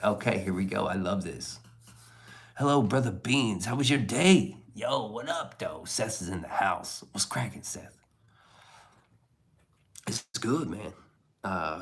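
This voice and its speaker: A man streaming casual chat, rambling and swearing as he reads and answers his chat. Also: sits low. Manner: rambling, profane, laid-back. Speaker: live streamer reading chat.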